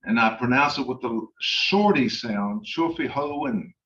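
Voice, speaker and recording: Unhurried man teaching a language lesson. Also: mid-range voice, expressive, bright, forceful tone, distant mic, highs cut off, a little hiss or hum. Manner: slow and halting, many uhs.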